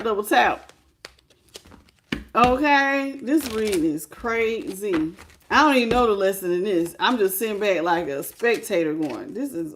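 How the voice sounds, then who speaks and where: A woman giving a live-streamed tarot reading, talking in a casual, chatty and animated way and greeting viewers as she goes. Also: fairly high pitch. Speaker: tarot reader.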